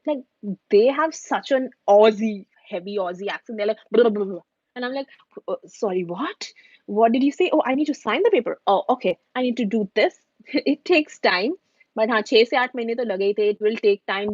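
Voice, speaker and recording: A woman's voice: mid-range voice, no room sound. A woman, answering questions on a live stream in a chatty, reassuring way. She drops easily into Hindi mid-sentence. The sound is dry and a little dull, as from a home streaming setup. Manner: chatty, reassuring, switches between English and Hindi. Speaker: recruiter and immigration vlogger.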